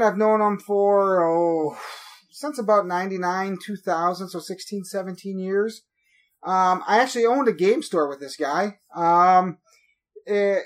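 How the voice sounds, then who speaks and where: Chatty man hosting a podcast. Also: sits high. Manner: rambling, chatty storytelling with frequent fillers. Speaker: podcast host. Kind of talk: casual podcast chat.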